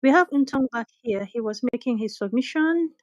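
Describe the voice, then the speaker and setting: A woman moderating an online audio discussion, speaking calmly and reassuringly with fillers. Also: on the high side, normal speed, no echo, lo-fi sound.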